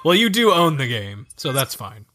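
A man's voice: medium pitch, sing-song, sharp tone. A man co-hosting a podcast, casually chatting about a video game in a playful, joking way. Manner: playful, joking, quick to laugh. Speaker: podcast co-host.

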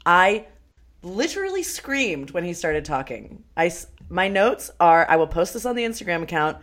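A woman co-hosting a podcast, chatting casually about a film, animated, laughing and swearing often. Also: fairly low pitch, unhurried. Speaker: podcast co-host.

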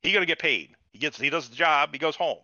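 A man's voice: on the high side, animated, fast talker, bright, forceful tone, no echo. A man hosting a podcast, ranting about a show in casual, profane chat. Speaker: podcast host. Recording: dull lo-fi recording.

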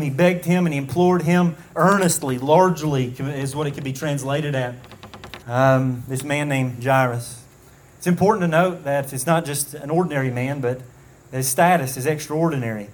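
A man preaching an expository sermon, earnest and measured, with frequent ums and restarts. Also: fairly high pitch.

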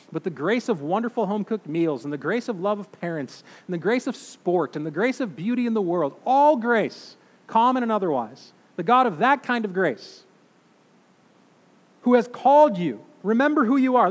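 A man in his thirties or forties preaching a sermon, emphatic, swinging between loud declarations and hushed, slow phrases. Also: high-pitched. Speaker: pastor. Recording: long reverb of a large hall.

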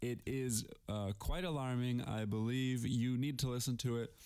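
Jittery junior officer, as a man plays him, smooth voice, stammering apologies, improv comedy. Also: mid-range voice, steady tone, normal speed, a little mellow, close to an everyday voice. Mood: nervous. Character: nervous male subordinate officer.

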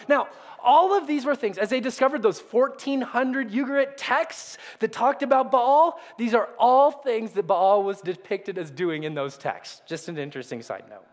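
A man in middle age delivers a sermon with a fairly high voice. He pushes key words out loudly, then drops almost to a whisper. His voice carries a long hall reverb, as in a large church. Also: normal speed. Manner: dynamic preaching, swings from loud emphasis to near whisper. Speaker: pastor.

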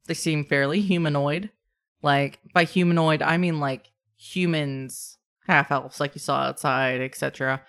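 A woman's voice: low voice, fairly even intonation, measured pace, a bit bright. A woman running a tabletop game, narrating casually with many fillers. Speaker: game master.

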